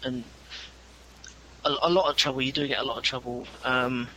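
A man from England talks casually with a very bright, sharp voice. He pauses with frequent fillers. Faint room ambience sits behind him. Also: medium pitch, fairly even intonation, slight background noise, low-quality recording. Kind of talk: casual conversation.

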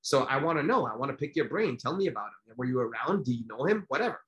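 A man's voice: medium pitch, quick pace, highs cut off. A man in his thirties co-hosting a casual podcast, telling stories with lots of fillers and restarts. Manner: animated storyteller, many fillers and restarts. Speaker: podcast co-host.

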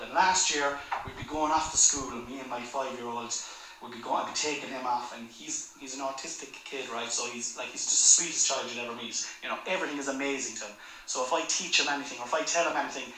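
A man's voice: medium pitch, fast. An Irish man in his thirties doing stand-up comedy, telling a story with lots of swearing. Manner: swearing, storytelling, laughing audience asides. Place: live comedy venue. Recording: roomy live room, loud background noise.

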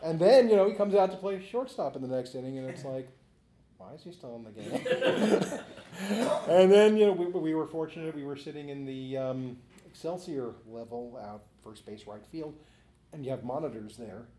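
A man's voice: fairly high pitch, expressive, normal speed, dark tone. A middle-aged man, an author and interview guest, telling a long casual story, laughing often and using many "you know" fillers. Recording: roomy echo.

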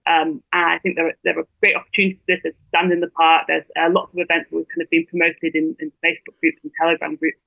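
Fast-talking woman on a tinny phone line. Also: low voice, flat delivery, vocal fry, dry recording. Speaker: guest blogger. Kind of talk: interview over a phone line.

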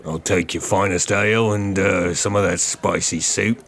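A man's voice: sits low, steady tone, moderate pace, gravelly, fairly bright tone. A man playing in a tabletop game, joking and sarcastic. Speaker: player. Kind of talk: casual tabletop play.

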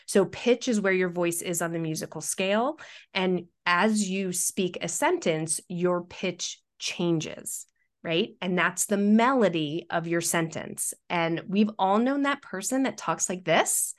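Low-voiced woman coaching communication skills. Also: expressive, a little slow. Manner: explanatory, coaching tone with practical tips. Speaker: guest, workplace communication consultant. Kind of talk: podcast interview.

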